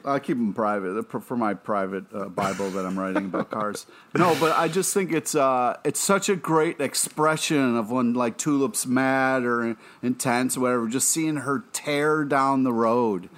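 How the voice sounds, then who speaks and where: A man co-hosting a podcast, chatting casually, enthusiastic with deadpan jokes. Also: medium pitch, normal speed, few pauses, a little hiss or hum. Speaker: podcast co-host. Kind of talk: casual chat.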